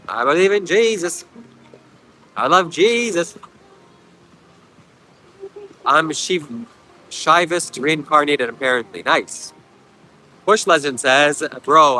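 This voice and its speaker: A man from Canada streaming outdoors at a beach, answering his chat with deadpan jokes. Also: fairly high pitch, low-quality recording. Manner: deadpan, joking replies to chat. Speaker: livestream host reading chat. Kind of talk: casual livestream chat.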